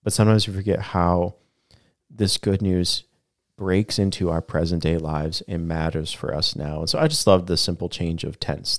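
A man's voice: low-pitched, steady tone, moderate pace, dry recording, clean studio sound. A man who is a pastor, talking through a sermon in a casual, reflective podcast chat.

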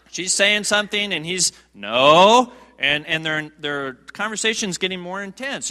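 Bright-voiced preacher in a reverberant sanctuary. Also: male voice, high voice. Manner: humorous, self-deprecating anecdotes with fillers and restarts. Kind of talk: storytelling sermon. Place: church sanctuary. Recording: long reverb of a large sanctuary.

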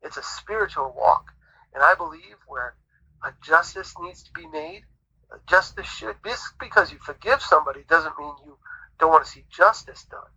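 A man's voice: fairly high pitch, lively intonation, moderate pace, pushed and bright, breathy edge. A man giving his faith testimony as an interview guest, in an earnest, preacherly storytelling manner, on muffled audio. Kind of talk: conversational Christian testimony.

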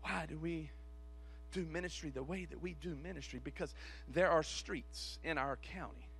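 During a church service, a man pastor preaches to his congregation with a high-ish voice and vocal fry, over soft background music. He alternates between shouted calls and hushed, quick asides in a rhythmic, repetitive preaching cadence.

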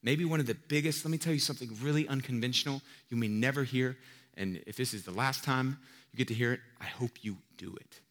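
A man preaching with a bright, forceful tone, and his voice rings out with long reverb through a large hall. He talks casually and asks rhetorical questions, jumping from loud emphasis to quiet asides. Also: medium pitch, a little fast. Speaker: pastor. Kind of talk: sermon.

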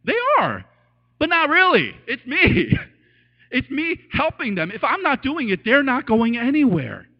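A man preaching a casual, animated sermon as a pastor, telling stories and acting out voices with laughs. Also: very high-pitched, unhurried. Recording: dull lo-fi sound.

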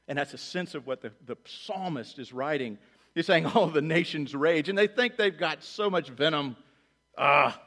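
A man preaching a sermon as pastor, animated, acting out quoted voices and dropping low and quiet for solemn lines. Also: normal speed. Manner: animated, acts out voices of God and children in quotes.

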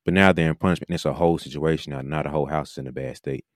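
A man's voice: extremely low pitch, fairly even intonation, very fast, no room sound, studio quality. A man, a podcast host and coach, talking casually and animatedly, now and then mimicking coaches mid-sentence. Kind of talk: casual monologue.

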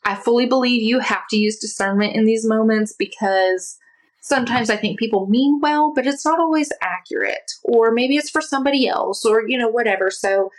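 A woman's voice: fairly high pitch, moderate pace, rough recording. A woman guest speaking earnestly and from the heart as she tells a personal faith story, sometimes restarting her words. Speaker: interview guest. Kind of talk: personal faith testimony in conversation.

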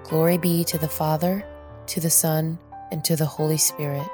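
A woman reading psalm verses and a doxology in a measured, solemn way. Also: low-pitched, little pitch movement, music in the background. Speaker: reader.

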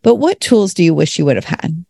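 A woman hosts a casual interview, asking questions and backing up her guest in an easy, conversational way. Her voice sits a little low with a gravelly texture, recorded dry and close with no room sound. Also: very animated, brisk, darkish tone, dry recording. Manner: conversational, affirming and inquisitive. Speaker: podcast host.

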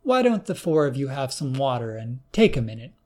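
A man's voice: mid-range voice, big pitch swings, a little fast, darkish tone. A man reading an audiobook, voicing a friendly, balding older male professor with a genial manner. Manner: genial, hosting.

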